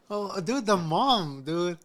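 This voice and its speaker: A man's voice: high voice, a bit bright. A man reacts to a clip in loose, casual commentary, swearing easily and calling everyone dude and bro. His tone stays laid-back and conversational. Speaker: reaction host.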